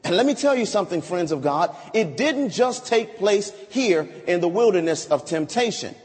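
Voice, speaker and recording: Dramatic preacher in an echoing hall. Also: male voice, high voice, animated, moderate pace, darkish tone. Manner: dramatic, acts out scripture scenes in voices. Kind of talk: sermon. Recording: long hall reverb.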